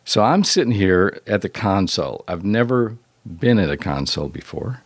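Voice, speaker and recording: A man's voice: lowish voice, sing-song, moderate pace, no room sound. A man in his sixties, a record producer as a guest, telling rambling, self-deprecating stories with many restarts. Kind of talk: storytelling interview.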